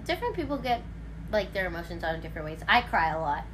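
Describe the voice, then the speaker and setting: A low-voiced woman hosts a casual chat at home, racing through rambling stories packed with fillers and told with lots of energy. There's a noisy background behind her.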